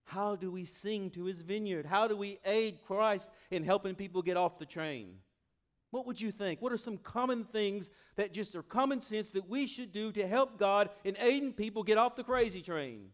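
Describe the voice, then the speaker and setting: A male pastor preaching a sermon, animated, swinging from loud exclamations to quiet, intimate asides. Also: high-pitched, moderate pace.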